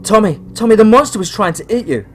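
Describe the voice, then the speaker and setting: A man voicing an excited young boy who talks breathlessly and urgently in a horror story. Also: high-pitched, fairly quick, a little hiss or hum, pitched above the performer's own voice, natural voice.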